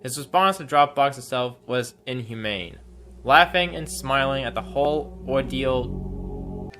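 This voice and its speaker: A man at a middle pitch reads a scripted commentary narration, measured and accusatory. Clear music plays behind him throughout. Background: background music.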